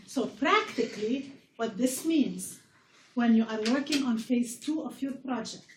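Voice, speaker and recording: A woman's voice: on the high side, animated, a little slow, a little mellow. A woman giving a university public health lecture to a class, earnest and repeating words as she explains. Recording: roomy lecture hall from far off with faint noise.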